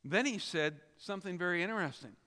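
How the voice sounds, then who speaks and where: Male preacher, high-pitched and crisp, emphatic storyteller, reverberant church. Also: animated, fast talker, pushed and bright. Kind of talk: sermon. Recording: reverberant hall.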